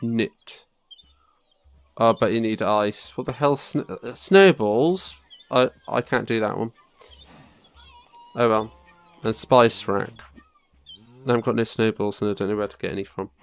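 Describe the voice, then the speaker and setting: A man's voice: fairly low pitch, a little slow, pauses often, smooth. A young man muttering to himself and swearing casually while commenting on his own gameplay. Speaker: gaming YouTuber. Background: faint game music.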